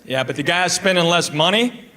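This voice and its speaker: A middle-aged man doing stand-up, telling deadpan stories about his wife on a live stage. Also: fairly high pitch, normal speed. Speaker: stand-up comedian. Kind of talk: stand-up routine. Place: comedy stage before a live audience. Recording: echoey live hall, roaring audience, loud noise.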